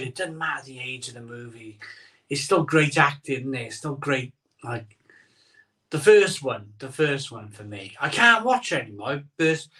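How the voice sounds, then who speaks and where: A man's voice: fairly high pitch, fairly bright tone, far from the mic. A middle-aged man hosting a casual live stream, rambling and sentimental, reading chat comments aloud. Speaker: host of a live beer-drinking stream.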